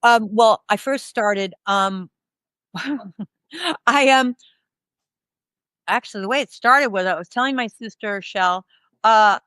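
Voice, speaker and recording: Bright-voiced woman telling rambling stories. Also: medium pitch, takes it slowly, pauses often, clean tone, dry recording. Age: 50s. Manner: rambling, animated, acts out quoted dialogue with laughs. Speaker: guest. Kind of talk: candid storytelling in an interview.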